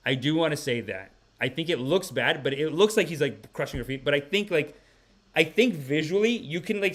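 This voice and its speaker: A man hosting a comedy podcast, telling rambling casual stories with animated energy and frequent laughter. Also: on the high side. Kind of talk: casual comic storytelling.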